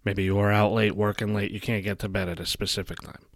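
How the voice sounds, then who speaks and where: A man hosting a solo podcast in a blunt, profane rant. His voice sits low, and he hammers his points with constant swearing. The podcast mic sound is dry and close, with no room echo. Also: flat delivery, fast talker, vocal fry. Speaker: podcast host.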